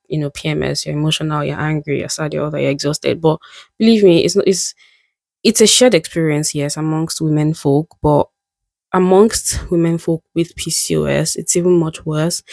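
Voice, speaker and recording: Low-voiced, gravelly young woman vlogger. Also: a little mellow, no echo. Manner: candid, musing, laughs at herself. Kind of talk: reflective casual monologue.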